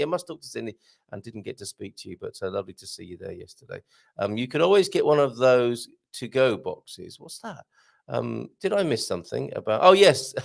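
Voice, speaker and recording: A middle-aged man with a slightly croaky throat hosts a live show in casual, jokey chat, reading out viewer comments and chuckling at himself. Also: medium pitch. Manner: jokey, chatty, self-mocking, frequent chuckles. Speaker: livestream host.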